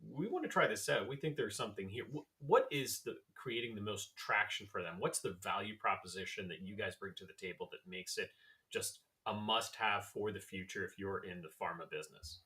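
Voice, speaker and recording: A man's voice: lowish voice, a little fast, sharp tone. A man co-hosting a podcast, asking questions with enthusiasm and restarting his sentences. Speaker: podcast co-host. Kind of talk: interview questions.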